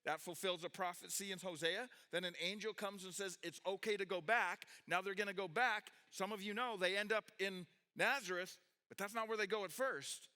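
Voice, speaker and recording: A man's voice: sits high, moderate pace, hardly any pauses, clear, resonant tone. A man preaching a sermon, reading from the Bible, explaining it with a map and asking his listeners questions. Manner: animated, with restarts, questions to the audience. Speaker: pastor teaching a youth group.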